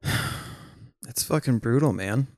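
A man hosting a casual podcast, talking slowly in a laid-back, joking way. His voice sits at a middle pitch, recorded dry and close. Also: animated, no echo.

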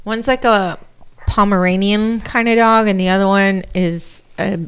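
A woman co-hosting a podcast who rambles through crude, amused anecdotes in easy, casual chat. Her voice sits at an ordinary middle pitch. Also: fairly even intonation, measured pace, a bit bright, smooth. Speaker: podcast co-host.

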